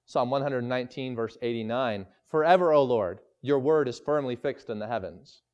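A man preaching a sermon as pastor, emphatic, slowing down to stress scripture quotes. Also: medium pitch, a little mellow, muffled recording.

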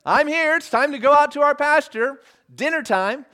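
A man voicing a friendly shepherd who calls out loudly to his flock in a raised, high voice. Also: moderate pace. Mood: calling out. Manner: loud, high, cheerful calling out.

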